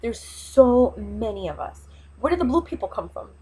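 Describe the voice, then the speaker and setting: A woman talks straight to her viewers in a rambling, impassioned vlog. Her voice is husky and sits a little high. She speaks emphatically, pressing hard on her opinions. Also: sing-song, moderate pace, darkish tone, low-quality recording. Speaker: vlogger. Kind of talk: impassioned casual monologue.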